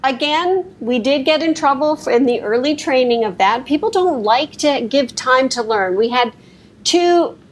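A woman improvising an earnest, deadpan guest author in a comedy interview. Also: high-pitched, moderate pace, hardly any pauses, slightly rough, rough recording.

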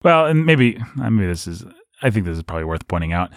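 A man co-hosting a podcast, talking in an animated, rambling and candid way about a book. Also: low voice, quick pace, no echo, clean studio sound. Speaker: podcast co-host. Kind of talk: casual book discussion.

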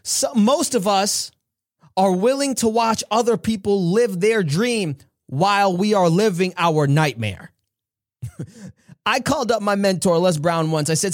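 Man from New York, motivational podcast host, high voice, earnest, preachy, laughs a lot. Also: expressive, unhurried, no echo, clean studio sound. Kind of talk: motivational talk.

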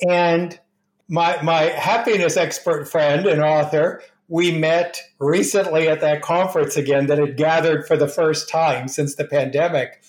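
Male author guest, slightly high voice, animated anecdotes, recorded in an echoey room. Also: a little slow. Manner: animated anecdotes, acts out quoted dialogue. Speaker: grief expert and author. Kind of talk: interview conversation, storytelling.

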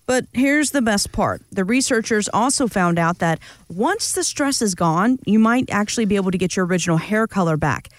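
A male talk show host with a high voice keeps the casual chat moving. He sounds upbeat. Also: expressive, normal speed, few pauses, no echo.

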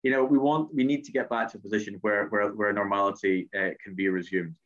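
A man's voice: fairly low pitch, steady tone, fast talker, fairly bright tone, lo-fi sound. A politician answering interview questions earnestly, often repeating words as he searches for them. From Scotland.

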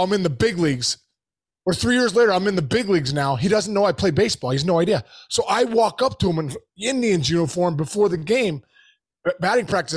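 A man hosting a podcast, telling a story casually in animated bursts, full of restarts and "bro" and "dude". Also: high voice, husky.

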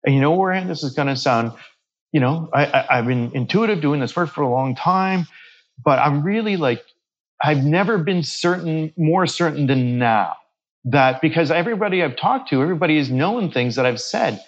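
A man's voice: fairly high pitch, animated, normal speed, dull audio. A man, a guest medium on a podcast, telling a story and acting out the voices of the people in it, with frequent restarts and repeated words. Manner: acts out quoted dialogue while retelling a story.

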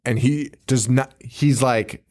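A man's voice: medium pitch, steady tone, takes it slowly, dark tone. A man co-hosting a podcast, casually recapping a movie in a rambling way, swearing freely, laughing often and mimicking characters. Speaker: podcast co-host.

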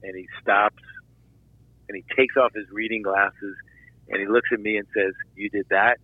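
A man from Philadelphia, a filmmaker guest, telling a long anecdote in an animated interview, with restarts and asides. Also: lowish voice, moderate pace, no room sound, narrow, tinny audio. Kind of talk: storytelling interview.

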